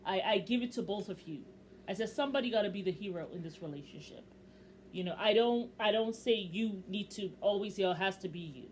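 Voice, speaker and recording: A middle-aged woman co-hosting a casual reaction chat, opinionated and animated, acting out what people said in her own voice. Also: mid-range voice, fairly quick, a little hiss or hum, rough recording. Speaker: reaction show co-host, mother.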